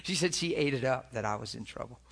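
A man preaching a testimony sermon, telling a story with animated delivery, acting out quotes and laughing often. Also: medium pitch, quick pace, gravelly.

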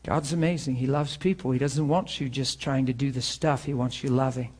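A man's voice: mid-range voice, fairly even intonation, a little fast, a little mellow, husky. A man, a pastor, giving an informal sermon to students in a room and online, telling personal stories in an earnest, conversational way before closing in prayer. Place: room with students present, also streamed online.

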